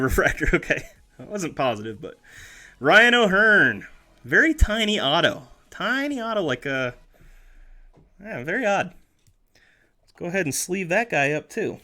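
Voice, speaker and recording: On the high side, his voice comes across bright and forceful. He's a streamer opening trading card packs on a live stream, chatting easily, reading names out, joking, and correcting himself as he goes.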